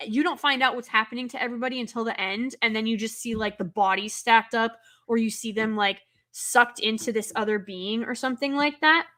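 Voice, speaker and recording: Woman streamer, casual live chat, slightly high voice, rambly, prone to loud outbursts. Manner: chatty, many filler words, rambling; bursts into loud, exasperated outbursts. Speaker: livestream host.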